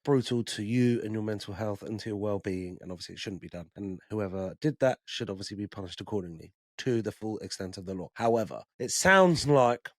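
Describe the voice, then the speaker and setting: A man's voice: fairly low pitch, animated, brisk, few pauses, dry recording, studio quality. A man co-hosting a podcast, chatting casually and bluntly, swearing freely. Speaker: podcast co-host. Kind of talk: casual chat.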